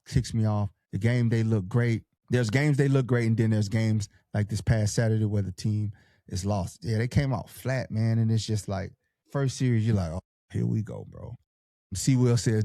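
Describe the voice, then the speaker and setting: Fired-up slangy podcast host with a mellow voice. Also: male voice, fairly low pitch, no echo, clean studio sound. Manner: fired-up, slangy pep-talk delivery. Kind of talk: casual sports podcast chat, reading live comments.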